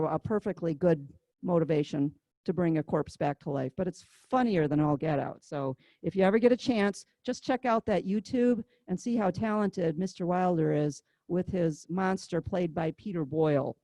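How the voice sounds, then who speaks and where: A woman's voice: on the low side, mellow, no room sound. A woman teaching a music class, chatting about a song's history and calling out fingering note by note. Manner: chatty, reads fingering numbers slowly. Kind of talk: online class instruction.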